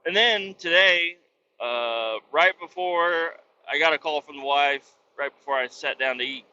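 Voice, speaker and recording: A man's voice: a little high, a little slow, bright, forceful tone, muffled recording, slight background noise. A man telling stories in a casual, profane, rambling monologue as the host, talking from his truck. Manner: profane, blunt storytelling. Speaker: podcast host.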